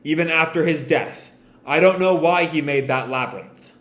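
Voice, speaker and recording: A man's voice: on the high side, normal speed, a bit bright, lightly acted. A man reading aloud the lines of a grave, ancient male dragon in a comic, in his own voice. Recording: echoey room.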